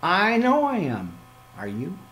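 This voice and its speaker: A man, a minister hosting a live podcast, signing off with excitable, playful talk, frequent amens and asides to himself. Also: sits high, slow pace. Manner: preacherly amens and exhortations.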